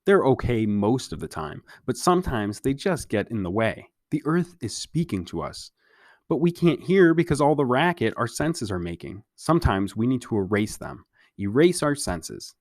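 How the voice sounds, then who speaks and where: A man reading aloud and voicing a dreamy, whimsical teenage girl who speaks softly and slowly. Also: medium pitch, sing-song, dry recording, studio quality.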